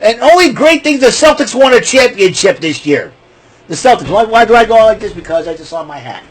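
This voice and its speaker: A man's voice: high-pitched, brisk, breathy edge, low-quality recording. A man talking casually to camera in a rambling, jokey monologue, ranting and laughing at himself. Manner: excitable, jokey, rants then laughs. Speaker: vlogger.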